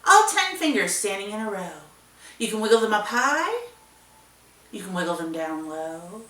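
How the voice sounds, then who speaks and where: A woman librarian leading a children's storytime, singing finger rhymes and reading a picture book aloud in an animated, sing-song way. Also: mid-range voice, normal speed, distant mic. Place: library room. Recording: echoey room, voice a bit off-mic.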